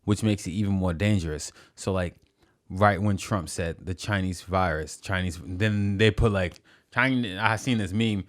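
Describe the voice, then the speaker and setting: A man talking as a podcast guest in casual chat, animated and swearing often, with frequent agreeable fillers. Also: lowish voice, moderate pace. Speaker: guest, Chinese medicine student.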